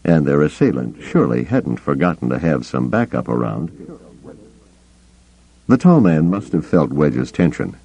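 A man narrating a story in an expressive storytelling manner. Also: extremely low pitch, normal speed, husky. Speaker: audiobook narrator. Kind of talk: scripted narration.

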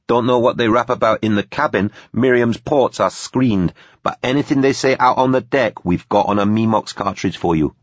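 A man's voice: medium pitch, normal speed, no echo, voice pushed up, close to an everyday voice. A man voicing a blunt, slangy young woman informant in an audiobook, with a dull, dry recording sound.

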